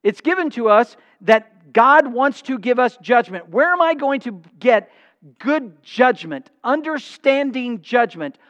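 An older male pastor preaches with a notably high voice, leaning hard on key phrases and pausing for effect. He acts out little back-and-forth exchanges. The recording sounds dull and lo-fi. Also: very animated, fairly bright tone. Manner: emphatic preaching with dramatic pauses and acted-out dialogue. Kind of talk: sermon.

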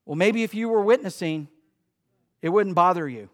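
High-voiced preacher guy giving a sermon, goes loud then drops quiet. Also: normal speed. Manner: preachy, shifts between loud emphasis and quiet asides. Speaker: pastor. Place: church sanctuary.

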